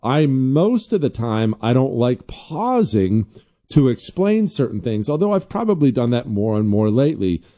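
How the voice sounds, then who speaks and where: Male talk host, dark-toned, lively pitch, sarcastic commentary. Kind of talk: casual political commentary.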